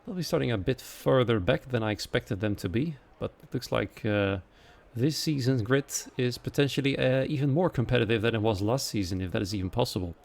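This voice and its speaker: A Dutch man with a Dutch accent commentates a live sim racing event and reads out the chat, speaking briskly with vocal fry and hardly any pauses. His medium-pitched voice is quiet and chatty while waiting, then grows lively and louder once the race starts.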